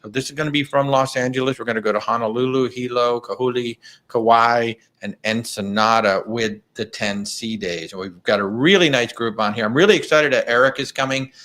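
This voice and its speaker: A man's voice: medium pitch, a little fast, hardly any pauses, a bit bright. A middle-aged man hosting a live travel Q&A in a chatty, rambling way with frequent restarts. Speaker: travel agent show host. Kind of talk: live Q&A chat.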